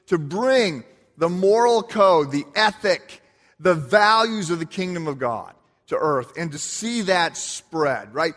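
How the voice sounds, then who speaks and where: A pastor preaching a sermon, with conversational storytelling and self-deprecating humor. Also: male voice, on the high side, fairly bright tone. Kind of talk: sermon opening with a personal story. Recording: long reverb of a large hall.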